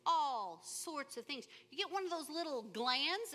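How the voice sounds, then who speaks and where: A woman giving a sermon with animated, humorous storytelling. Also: high voice, measured pace. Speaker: church speaker.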